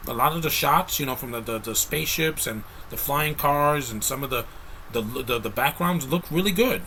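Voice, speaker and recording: A man's voice: a little high, bright, forceful tone, a little hiss or hum, low-quality recording. A man giving a casual, rambling movie review rant, blunt and exasperated, with frequent restarts.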